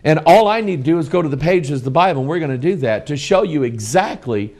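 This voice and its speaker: A man's voice: a little high, animated, fast talker, darkish tone. A middle-aged American man hosting a broadcast, reading news articles aloud and commenting on them with passion. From United States. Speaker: preacher and broadcast host.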